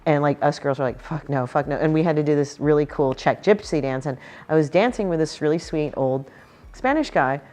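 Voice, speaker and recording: Very low-voiced, blunt, profane woman. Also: a little fast, dark tone. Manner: acts out quotes in other voices. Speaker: comic artist. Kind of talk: casual chat showing her book.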